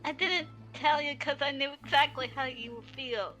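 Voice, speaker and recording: A woman playing a tabletop game, chatting in character with quick giggly reactions. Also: high voice, fairly bright tone, faint music behind. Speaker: player.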